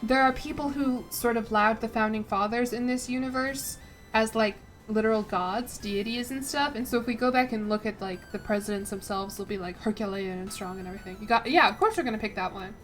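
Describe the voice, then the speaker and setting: Faint music plays behind this woman's fairly quick, high-ish voice. Streaming a strategy game, she gives casual commentary, reading game text out loud, tripping over words, cursing, and filling her chatty asides with "like".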